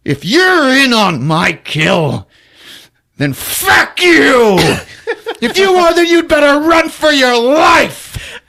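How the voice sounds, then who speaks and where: A man voicing a frantic, paranoid young man who yells in a high, strained voice. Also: sing-song, slow pace, full character voice. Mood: shouting.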